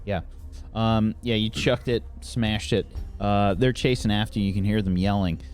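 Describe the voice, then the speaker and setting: A man's voice: fairly low pitch, steady tone, moderate pace, darkish tone, clear, resonant tone. A man running a tabletop role-playing game as game master, narrating loosely with many fillers. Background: faint background music.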